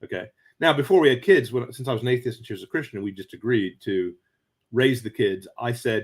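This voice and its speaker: A man talking as an interview guest, telling stories with stammered restarts and quick chuckles, jumping up into a high excited voice when acting out what people said. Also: husky. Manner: animated, jumps to high excited pitch acting out quoted voices. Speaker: guest author. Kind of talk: conversational interview storytelling.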